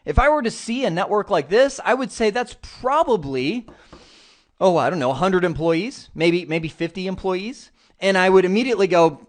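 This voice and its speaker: Animated, higher-pitched male IT instructor. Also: moderate pace. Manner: animated, playful, acts out examples. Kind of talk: online technical lesson.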